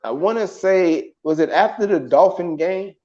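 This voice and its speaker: Casting note: chatty male sports co-host, slightly high voice, laughs a lot, muffled lo-fi audio. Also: animated, moderate pace, a little mellow. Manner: rambling, laughs often, restarts. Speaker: morning show co-host. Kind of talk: casual sports talk.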